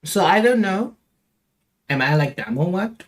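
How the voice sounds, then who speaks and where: A man's voice: high voice, very animated, unhurried. A young man chatting casually on a live stream, rambling with lots of fillers as he talks straight to his viewers.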